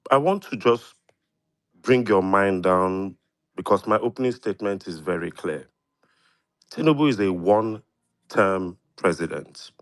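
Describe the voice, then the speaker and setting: A man delivering an opening statement to a panel in a measured, assertive way. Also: fairly low pitch, no echo. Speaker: panel speaker.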